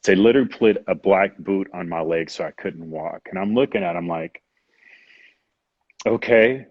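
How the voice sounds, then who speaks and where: A man's voice: deep voice, brisk, breathy edge, no room sound, lo-fi sound. A man as an interview guest, telling a personal story with candid emotion, often saying "you know" and acting out what others said.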